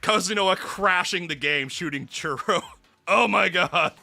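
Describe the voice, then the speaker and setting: A man streaming live, reacting to a game, excitable and breathless from laughing hard, swearing often. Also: high voice, measured pace, gravelly. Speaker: VTuber streamer. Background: faint background music.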